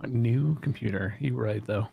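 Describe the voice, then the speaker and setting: A man's voice: medium pitch, moderate pace, gravelly, phone-quality sound, slight background noise. A man co-hosting a casual gaming podcast, teasing his friends with crude jokes. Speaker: podcast co-host.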